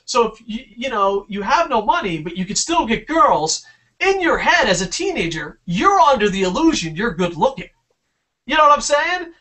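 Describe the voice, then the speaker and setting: A man's voice: very high voice, sing-song, normal speed, sharp tone, distant mic. A young man from New Jersey co-hosting a casual podcast, telling long profane stories in a rambling way. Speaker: podcast co-host.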